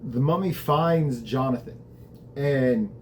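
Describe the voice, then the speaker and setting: A man's voice: medium pitch, slow pace, a little hiss or hum. A man hosting a show, casually recapping a TV episode in a conversational, reflective way, with the odd swear word.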